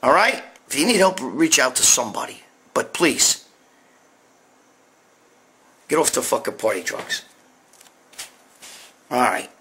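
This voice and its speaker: A man's voice: medium pitch, sing-song, measured pace, long pauses, bright, forceful tone, husky. A middle-aged man hosting a show, ranting and telling stories in a brash, profane, blunt way. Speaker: host. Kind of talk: profane monologue rant and storytelling.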